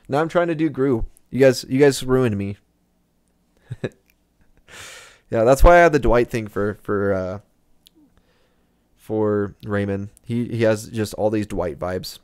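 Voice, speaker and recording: A man's voice: on the low side, moderate pace, pauses often, darkish tone, smooth, no echo, studio quality. A young man giving casual, rambling commentary while playing a video game, chatty and full of fillers. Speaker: gaming streamer.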